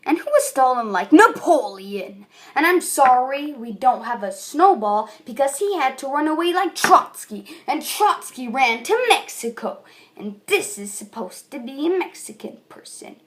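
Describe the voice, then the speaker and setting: A woman's voice: high voice, animated, moderate pace. A woman giving a casual, rambling video book review, chatty and full of fillers.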